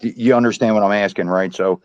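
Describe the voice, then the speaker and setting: Animated lower-voiced man, dry sound. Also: quick pace, no room sound, highs cut off. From US East Coast. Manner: animated, repeats himself, lots of "right?". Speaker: participant in an online audio space. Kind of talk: casual chat.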